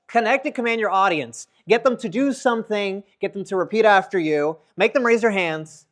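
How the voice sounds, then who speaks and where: A man coaching public speaking in an energetic workshop lesson, swinging between loud and soft to demonstrate. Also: sits high, normal speed.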